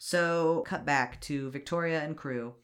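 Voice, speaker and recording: A podcast host recapping a movie in a chatty, animated way, swearing freely. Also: mid-range voice, unhurried.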